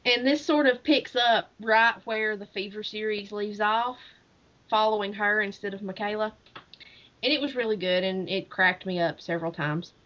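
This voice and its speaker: A woman's voice: mid-range voice, normal speed, a bit bright. A woman co-hosting a book podcast, animatedly retelling a story and laughing often. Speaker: podcast co-host. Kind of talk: casual book chat. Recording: dull lo-fi audio.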